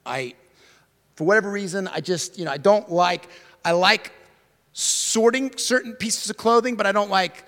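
A man in his forties preaching a sermon as pastor, emphatic, swinging between loud declarations and hushed near-whispers and repeating key words. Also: sits high, normal speed. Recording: hall reverb.

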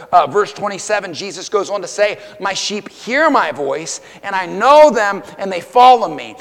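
A man in his forties preaching a sermon in a church, emphatic and swinging between loud declarations and hushed stretches. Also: high voice. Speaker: pastor. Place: church auditorium. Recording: long hall reverb.

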